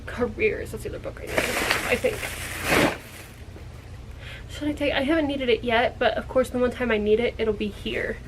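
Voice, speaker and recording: College-age woman vlogger, chatty and rambling, high voice. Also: moderate pace, long pauses, noisy background. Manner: rambling, chatty, laughs when embarrassed. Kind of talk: casual vlog.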